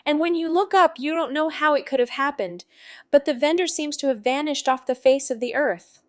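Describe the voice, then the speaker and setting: A woman's voice: high-pitched, moderate pace, no echo, clean studio sound, close to an everyday voice. A woman voicing a brash, foul-mouthed male jester wizard who narrates in a sardonic, rambling way.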